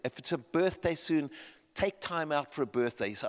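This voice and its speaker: A man in his fifties preaching a sermon, telling a family story and building to loud, emphatic peaks. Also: on the high side, expressive, normal speed. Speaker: pastor. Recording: long hall reverb.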